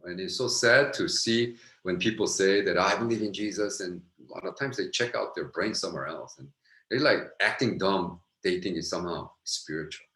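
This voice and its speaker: A middle-aged man preaches a Bible lecture, his voice sitting very low. He delivers it with animated earnestness, jumping to loud emphasis and then dropping to soft asides. The recording carries a roomy echo. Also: moderate pace. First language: Korean. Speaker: pastor.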